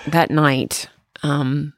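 Gravelly, candid parent co-host. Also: medium pitch, drawn-out words, no echo, clean studio sound. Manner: candid, animated storytelling with swearing. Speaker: podcast co-host; parent of two. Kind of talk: casual chat.

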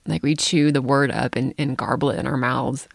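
A podcast host with a gravelly, fry-tinged voice chats in an easy, playful way. The delivery stays relaxed throughout. The recording is dry and close, with no room sound. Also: mid-range voice, no echo. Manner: relaxed, playful, quick to laugh. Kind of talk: casual chat.

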